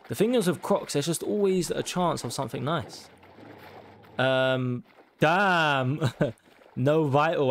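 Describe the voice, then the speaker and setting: A man's voice: medium pitch, a little hiss or hum. Sweary young gamer man. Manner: loud, sweary taunting at game animals. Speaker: gaming YouTuber. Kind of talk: casual gameplay commentary.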